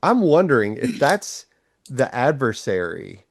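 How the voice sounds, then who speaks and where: A man co-hosting a casual Bible discussion podcast, chatty and animated, often slipping into mock voices. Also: mid-range voice, a little slow. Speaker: podcast co-host.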